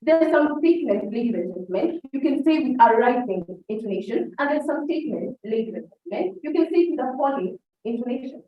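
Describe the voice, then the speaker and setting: Speaking fast with hardly any pauses, a young debate speaker with a Kenyan English accent gives a prepared, oratorical speech in a high, expressive voice and addresses her audience again and again. The recording has a little hiss or hum, taken by a distant, dull mic in a very echoey hall.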